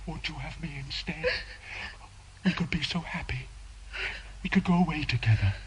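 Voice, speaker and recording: An actor playing a tormented, obsessive priest in a radio drama, pleading and anguished, swinging between hushed murmurs and shouts. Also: male voice, a little high, animated, slow pace, slightly rough, full character voice, rough recording. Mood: hushed longing. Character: tormented obsessive male priest, middle-aged.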